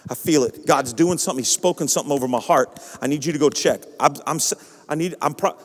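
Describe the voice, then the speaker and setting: A man's voice: fairly high pitch, fast, big-room sound, pitched below the performer's own voice, lightly acted. A man voicing the prophet Elijah, urgent and stammering as he pleads with his servant.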